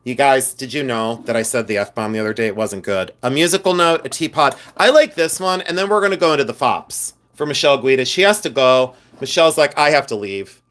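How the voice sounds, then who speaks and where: Man, live stream host, chatty and joking, mid pitch. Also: a little fast, few pauses, a bit bright. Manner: chatty, joking, reads chat comments aloud. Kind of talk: casual live stream chat.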